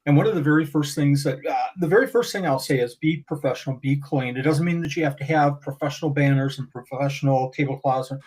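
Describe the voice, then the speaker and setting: Animated, rambling male gecko breeder. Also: a little high, quick pace, few pauses, breathy edge, rough recording. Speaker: guest breeder. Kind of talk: casual podcast conversation.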